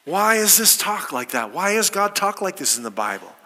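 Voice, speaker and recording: A man's voice: high-pitched, big pitch swings, normal speed, sharp tone, big-room sound. A man preaching a sermon, quoting scripture and asking his listeners rhetorical questions with emphasis.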